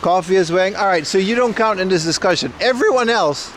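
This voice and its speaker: A man's voice: high voice, fast talker, fairly bright tone, slight background noise. Joking man streaming from city streets. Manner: joking, banter with chat. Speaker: livestreamer. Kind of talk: casual IRL stream chat.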